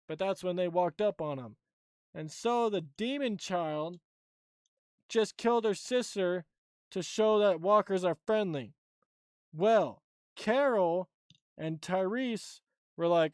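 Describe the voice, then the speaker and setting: Casual male streamer, high clear voice, dry close sound, blunt rambling delivery. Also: takes it slowly, long pauses, no echo. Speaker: streamer host. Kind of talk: casual live-stream chat.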